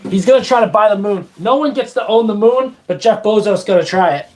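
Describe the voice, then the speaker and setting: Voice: medium pitch, lively intonation, fairly quick, a little mellow. A live streamer chatting casually with viewers in a playful, rambling way, now and then breaking into made-up silly songs. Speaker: livestream host and musician.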